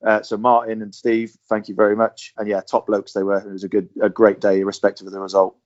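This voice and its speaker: A man's voice: lowish voice, completely flat delivery, fast talker, dull audio. A man with a southern English accent telling a long story in a casual podcast chat, repeating and circling his words as he goes. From southern England. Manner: rambling, repeats words, chatty. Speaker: podcast panelist.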